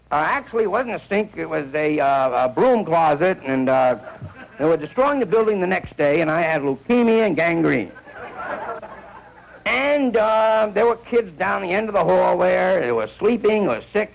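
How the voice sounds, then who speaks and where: A man performing a rambling stand-up routine, slipping into quick character bits, on an old recording. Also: a little high, vocal fry, poor audio. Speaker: stand-up comedian.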